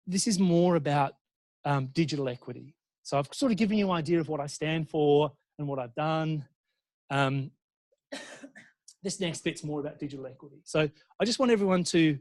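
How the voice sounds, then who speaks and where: An Australian man giving a conference presentation as a university lecturer, animated and checking in with the audience, with frequent fillers and restarts. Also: a little high, normal speed.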